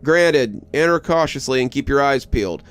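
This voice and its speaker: A man's voice: mid-range voice, lively intonation, moderate pace, clear, resonant tone, pitched above the performer's own voice, natural voice. A man voicing a grim, commanding male army captain who gives terse orders.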